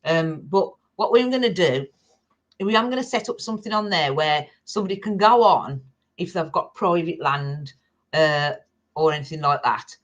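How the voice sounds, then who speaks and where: A co-host on a casual live stream, reading out viewer comments in a relaxed way. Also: mid-range voice, moderate pace, dull audio. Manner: relaxed, reads out chat messages.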